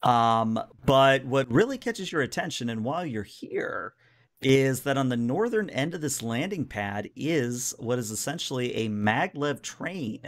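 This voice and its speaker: A man narrating a tabletop role-playing game as game master, in a relaxed way with many filler words. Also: mid-range voice, measured pace.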